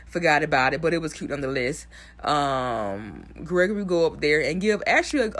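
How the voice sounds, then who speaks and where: A young woman giving a blunt, animated recap of a TV episode, swearing freely. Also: sits low, brisk. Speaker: TV recap vlogger. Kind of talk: casual profane show recap.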